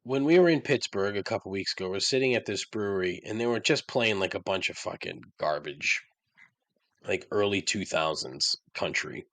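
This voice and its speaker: A man's voice: deep voice, expressive, moderate pace, a bit bright, dry recording. A man hosting his own podcast, ranting about songs he hates with sarcasm and frequent swearing. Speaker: podcast host. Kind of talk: casual monologue.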